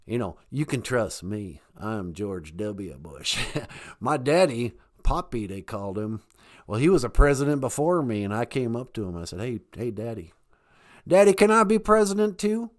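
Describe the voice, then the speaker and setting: A man's voice: mid-range voice, sing-song, moderate pace, close to an everyday voice. A man doing an impression of a giggling, sneaky older Southern US politician, with a sly, chuckling drawl. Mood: smug.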